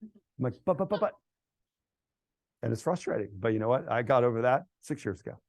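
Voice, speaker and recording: A middle-aged American man speaking casually to a church group, telling stories that build to loud, animated outbursts. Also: medium pitch, fast, no echo. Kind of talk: casual storytelling talk to a group. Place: church hall event.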